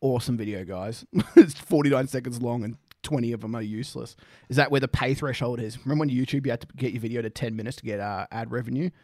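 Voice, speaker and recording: A man's voice: medium pitch, fast, darkish tone, no echo, studio quality. A young man rambling through a casual music reaction, swearing freely and laughing often.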